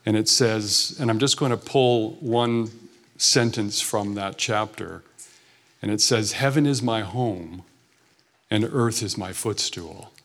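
A man's voice: fairly low pitch, slow, a bit bright. A man preaching an informal, earnest sermon in a church sanctuary, talking conversationally and often restarting his sentences. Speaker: guest preacher.

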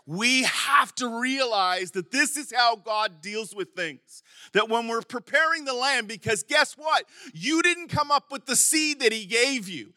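A middle-aged man preaching a sermon as pastor, animated, with sudden emphatic bursts and some stumbling over words. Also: sits high, no echo, studio quality. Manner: stumbles and repeats words at times.

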